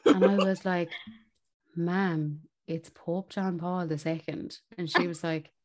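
A young Irish woman, a podcast co-host, telling a story in casual chat, animated and swearing, laughing as she goes. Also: lowish voice, slow pace.

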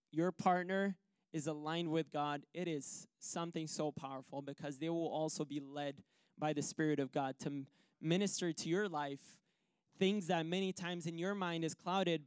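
A man preaching a sermon, telling a personal story with lively acted-out quotes. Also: fairly high pitch, clean tone, no room sound, studio quality. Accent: Canadian English. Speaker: pastor.

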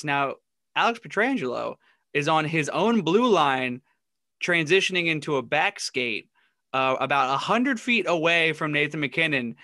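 A man's voice: a little high, sharp tone, no echo, clean studio sound. A man co-hosting a casual sports podcast, recounting funny stories and laughing often. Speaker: podcast co-host.

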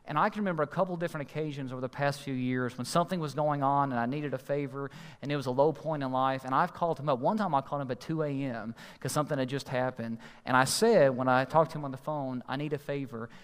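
A man preaching a sermon as pastor, earnest and emphatic, slowing to stress key phrases. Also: mid-range voice, clean tone. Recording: long hall reverb.

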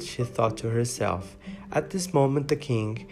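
An upbeat man hosts a language podcast, alternating chatty asides with steady storybook narration. His voice sits at a middle pitch. Clear music plays behind him throughout. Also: a little slow. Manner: upbeat, chatty greetings, then steady reading. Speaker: podcast host and English teacher. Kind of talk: podcast lesson and read-aloud storybook narration.

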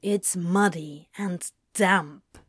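A woman's voice: fairly low pitch, extremely slow, slightly rough, no echo, clean studio sound, heavily acted. A woman reading a story aloud and voicing a flustered male demon who talks in a breathless, stammering strain.

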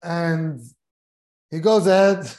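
Speaking slowly in a slightly high, darkish voice, this man is a rabbi teaching Torah in a study hall. He laughs as he recounts a humorous tale, weaving Hebrew and Yiddish terms into his English.

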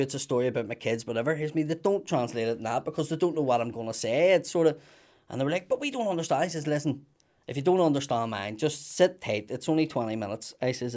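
A man, a comedian telling stories in casual chat and acting out other people's voices. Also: medium pitch. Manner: animated anecdotes, acts out voices loudly.

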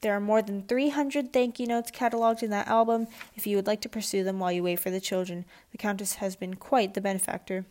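A woman's voice: mid-range voice, fairly even intonation, quick pace, few pauses, darkish tone, close to an everyday voice. A woman voicing a stiff, formal male butler who speaks in clipped, proper phrases. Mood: haughty.

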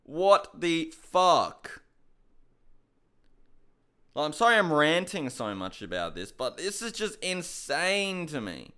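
Smooth-voiced man ranting incredulously. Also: fairly high pitch, sing-song, takes it slowly, pauses often, pushed and bright. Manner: heated, incredulous, swearing. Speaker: MMA commentator. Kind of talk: ranting commentary to camera.

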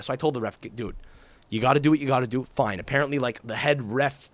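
A man's voice: medium pitch, fast talker, no room sound. A young man hosting a podcast, telling a long profane story and mimicking the people in it. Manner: animated, profane, mimics people in shouty voices. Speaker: podcast host. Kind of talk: casual chat, ranting storytelling.

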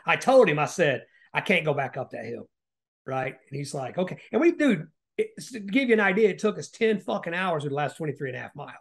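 A man with a notably high-pitched speaking voice tells long, rambling stories as a podcast guest. He swears constantly, restarts his sentences and keeps checking in with the listener with a quick "right?". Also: very animated, vocal fry, husky. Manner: heavy swearing, frequent "right?" tag questions. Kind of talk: casual storytelling.

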